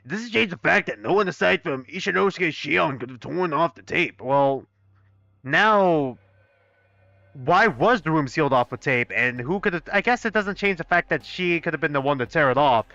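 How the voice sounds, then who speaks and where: A young man playing through a fan game live, voicing characters in an excitable, swearing, mock-outraged way, on a dull, dry recording. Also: fairly high pitch, moderate pace, creaky, dry recording. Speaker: let's play gamer voicing a fan game. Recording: dull, dry close-mic sound.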